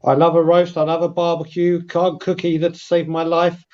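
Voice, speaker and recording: A man on a casual podcast, easygoing and enthusiastic. His voice sits a little high for a man. The recording sounds slightly dull and muffled. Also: completely flat delivery, moderate pace, a little mellow. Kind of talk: casual chat.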